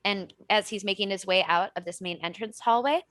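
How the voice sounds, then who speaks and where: A woman's voice: medium pitch, brisk, fairly bright tone, no room sound. A woman narrating a tabletop game as game master, in a loose, chatty way with many fillers.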